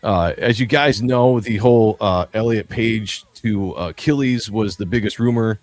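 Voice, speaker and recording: A man's voice: on the low side, moderate pace, a little mellow, faint music behind. A man hosting a livestream, chatting in a rambling, jokey way and laughing often. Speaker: livestream host. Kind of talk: casual livestream chat.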